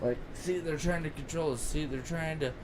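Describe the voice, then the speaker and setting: Male podcast co-host, opinionated rambler, slightly high voice, noisy home recording. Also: normal speed. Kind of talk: casual chat. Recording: noticeable background noise.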